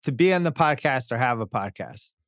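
A middle-aged man co-hosting a podcast, talking in a relaxed, wry, conversational way. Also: mid-range voice, a little fast, no echo, clean studio sound. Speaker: podcast co-host. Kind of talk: casual chat and read ad.

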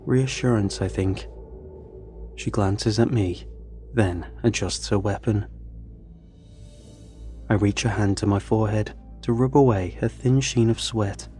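A man narrating a first-person story in a steady, scripted reading. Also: on the low side, unhurried, pauses often, faint music behind.

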